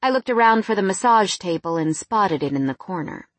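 A woman's voice: medium pitch, expressive, a little fast, dry recording. A woman narrating a first-person novel in a wry, candid tone.

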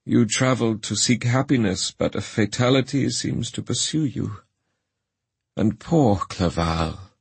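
A man's voice: fairly low pitch, expressive, a little slow, vocal fry, husky, no room sound, pitched above the performer's own voice, exaggerated voice. A man voicing a tender, sorrowful elderly father who speaks mournfully.

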